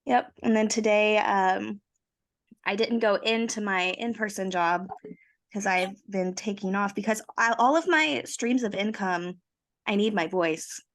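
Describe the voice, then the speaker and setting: A young woman co-hosting a casual podcast, her voice hoarse from a cold, telling her story in a chatty, self-mocking way. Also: mid-range voice, a little slow. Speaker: podcast co-host. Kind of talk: casual chat.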